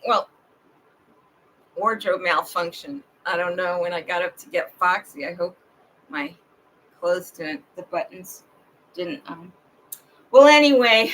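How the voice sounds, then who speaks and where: A woman at home giving a rambling, digressive livestream monologue, talking slowly and drawing out her words. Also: fairly low pitch, fairly bright tone, a little hiss or hum, rough recording. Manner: slow, digressive and drawn out.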